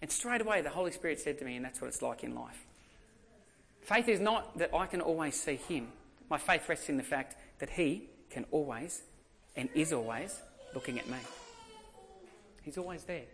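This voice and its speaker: A man's voice: on the high side, lively intonation, normal speed, creaky, pauses often, a bit bright. An Australian man preaching a sermon as a pastor, telling stories in a conversational way and repeating emphatic phrases.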